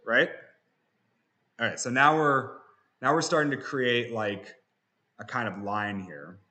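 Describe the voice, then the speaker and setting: Bright-voiced male production instructor. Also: medium pitch, a little slow, slight background noise. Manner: relaxed, many fillers and restarts. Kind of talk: software tutorial.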